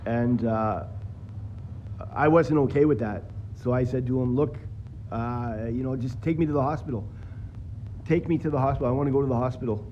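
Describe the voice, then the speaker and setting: A man rambles through a story, swearing often and acting out other people's lines. His voice sits at a middle pitch. A faint hiss of noise runs under his phone-streamed audio. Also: moderate pace, lo-fi sound. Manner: rambling, profane, acts out quoted voices. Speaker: livestreamer telling a personal story. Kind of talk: casual storytelling to viewers.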